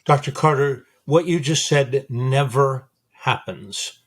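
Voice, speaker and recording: A man's voice: medium pitch, takes it slowly, husky. A man hosting a psychology podcast, telling a counseling story animatedly, repeating phrases for emphasis. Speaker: psychologist host. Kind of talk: conversational podcast interview.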